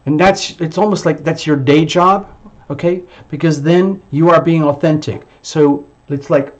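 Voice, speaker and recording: A man's voice: a little high, steady tone, moderate pace. A man giving a monthly tarot reading, emphatic and repetitive, sometimes speaking the listener's thoughts aloud. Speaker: tarot reader.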